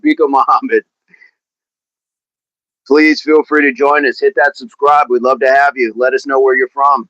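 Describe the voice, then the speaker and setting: A man's voice: medium pitch, little pitch movement, moderate pace, pauses often, pushed and bright, dry recording. A man hosting a daily fitness livestream, chatting casually while stretching and reading viewer comments aloud in a playful way. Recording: dull lo-fi sound, dry.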